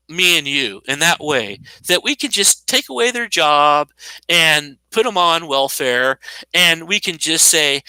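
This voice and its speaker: A man's voice: on the high side, expressive, a little slow, bright, forceful tone, clean tone, no echo, poor audio. A man in his fifties giving an unscripted, indignant monologue, sarcastic and rambling, with frequent restarts. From United States. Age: 50s. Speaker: commentator.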